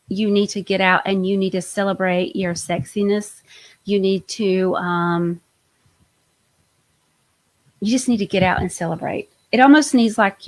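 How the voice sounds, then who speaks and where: A woman hosting a live-stream tarot reading, chatty and enthusiastic, often trailing off and restarting her sentences. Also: mid-range voice. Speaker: host, tarot reader.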